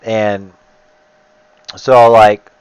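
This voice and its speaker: A man's voice: on the low side, flat delivery, drawn-out words, a little mellow, smooth, dry recording, low-quality recording. A man chatting casually, rambling with lots of "like" and swearing easily. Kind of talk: casual chat.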